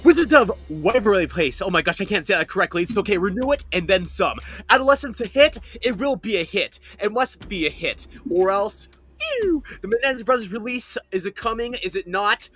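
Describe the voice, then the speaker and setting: Bright, high man firing off quips. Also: animated, fairly quick, slightly rough. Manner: punchy, emphatic quips. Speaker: panel guest. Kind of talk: rapid-fire comedic hot takes.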